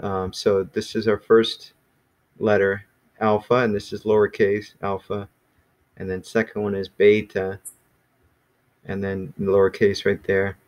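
Low-voiced male teacher, casual and rambling, video-call class. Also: a little slow, long pauses. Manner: relaxed, rambling, many fillers. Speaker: Greek teacher.

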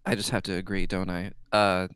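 Very low-voiced, blunt woman player. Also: little pitch movement, fairly quick, a bit bright, clear, resonant tone, no echo. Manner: blunt, swearing. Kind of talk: tabletop game play.

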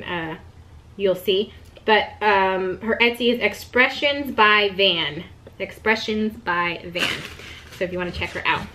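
A young woman, excitedly chatting while opening gifts for her baby daughter. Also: mid-range voice. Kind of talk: casual unboxing chat. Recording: noisy home recording.

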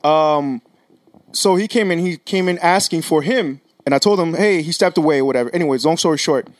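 A man's voice: on the high side, fairly quick, no echo, clean studio sound. A man in casual podcast talk, rambling through anecdotes, swearing freely and restarting sentences. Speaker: podcast co-host.

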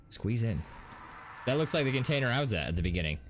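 Excitable man doing let's-play commentary. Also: mid-range voice, normal speed, noisy background. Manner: excitable, gasping and laughing at the game. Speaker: gaming video host. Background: game music.

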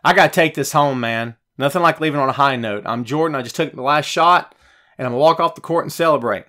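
A man's voice: fairly high pitch, fast. A male wrestling talk show host ranting at his viewers while he reads out their comments, a bit out of breath. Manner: animated, rhetorical, ranting to viewers. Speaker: podcast host.

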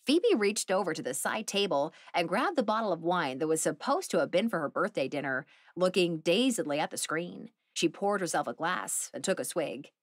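A woman narrating a cozy mystery audiobook in an expressive storytelling manner. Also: on the low side, moderate pace, hardly any pauses, no room sound, studio quality. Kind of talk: scripted narration.

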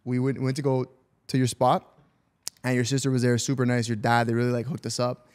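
Young male Toronto host, relaxed and slangy, everyday mid-pitch voice. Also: a little fast. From Toronto, Canada. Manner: laid-back, laughing, slangy. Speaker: podcast host. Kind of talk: casual chat.

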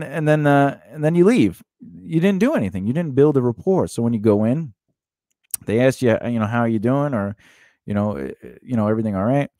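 A man's voice: medium pitch, dry recording, clean studio sound. A man co-hosting a casual talk show, giving career advice and acting out quoted lines in different voices. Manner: animated, acts out quoted lines in changed voices. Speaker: podcast co-host.

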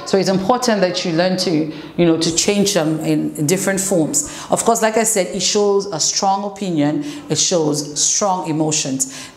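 A woman English teacher giving a relaxed, conversational classroom lesson, mixing in French explanations. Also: on the low side. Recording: echoey room, faint noise.

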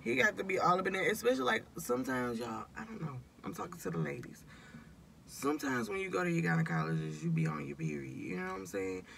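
A woman's voice: on the low side, huge pitch swings, fast, gravelly, a bit bright, slight background noise. A woman vlogging in a casual, confiding way, emotional and close to tears, rambling and talking straight to her viewers. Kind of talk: casual confessional vlog.

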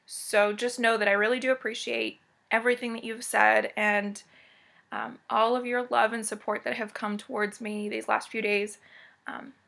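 Chatty woman with a gravelly voice. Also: on the high side, fairly bright tone. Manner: rambling, chatty, full of asides and fillers. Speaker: cross-stitch vlogger. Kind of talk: casual chatty update. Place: at home.

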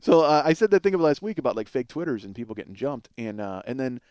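A man's voice: medium pitch, big pitch swings, quick pace, darkish tone, smooth, no echo. A man hosting his own podcast, delivering a profane, rambling comedic monologue that mocks himself as much as anyone. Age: middle-aged. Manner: profane, ranting, self-mocking. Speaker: podcast host.

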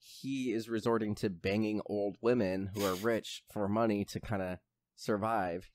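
A man's voice: lowish voice, fairly even intonation, unhurried, a little mellow, no room sound, clean studio sound. A man co-hosting a podcast, rambling casually and retelling film scenes with lots of fillers. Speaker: podcast co-host. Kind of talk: casual film review chat.

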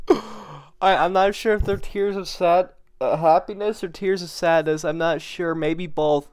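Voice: medium pitch, steady tone, a little slow, a little mellow, clear, resonant tone. A reaction channel host talking casually to viewers while watching anime, rambling and gushing with emotion, voice picked up by a camera mic. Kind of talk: casual reaction vlog commentary.

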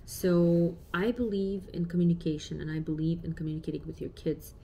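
A woman's voice: fairly low pitch, little pitch movement, brisk, gravelly, dark tone, a little hiss or hum. A woman in her thirties, a parent vlogger talking casually and reflectively to camera with many fillers.

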